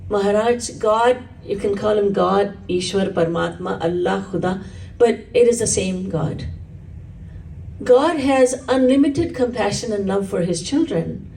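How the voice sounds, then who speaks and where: A woman's voice: mid-range voice, unhurried, creaky, dark tone, distant mic, slight background noise, rough recording. A woman spiritual teacher giving a religious discourse, explaining earnestly and telling stories.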